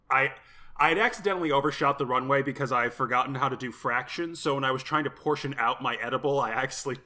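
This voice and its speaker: A man's voice: mid-range voice, bright, forceful tone. A man co-hosting a casual podcast, camp and playful, stretching words out for emphasis. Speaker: podcast co-host. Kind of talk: casual chat.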